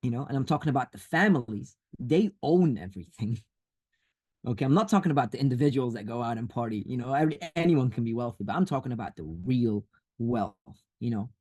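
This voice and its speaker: A man's voice: medium pitch, animated, quick pace, darkish tone, husky. A man speaking as a guest on a video call, urging listeners insistently and repeating his warnings. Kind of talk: urgent motivational talk.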